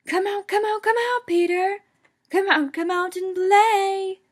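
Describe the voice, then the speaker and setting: Woman shouting as a furious escaped convict dad. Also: fairly low pitch, fairly quick, gravelly. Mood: mad sing-song. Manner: bellowing, screeching shouts. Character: wild-eyed escaped convict father, furious.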